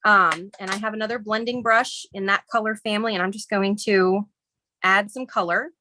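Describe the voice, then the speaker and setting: A woman's voice: medium pitch, fairly even intonation, moderate pace, bright, forceful tone, slight background noise. A woman from near St. Louis, a guest designer who explains a stencil project in a friendly, chatty way and laughs often. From Southern Illinois, near St. Louis. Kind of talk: casual craft demonstration.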